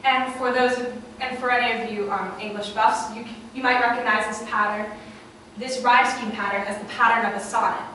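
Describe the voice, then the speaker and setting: A young woman presenting a workshop to a live audience, chatty and lively, with fillers and asides to the listeners. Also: a little high, moderate pace, a little hiss or hum. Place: classroom or small auditorium with an audience. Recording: echoey room, far from the mic.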